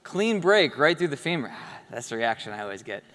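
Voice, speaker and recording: A man's voice: medium pitch, very animated, fairly quick, fairly bright tone. A young man telling a personal story in a casual, wry, matter-of-fact way, in a large hall. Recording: long hall reverb.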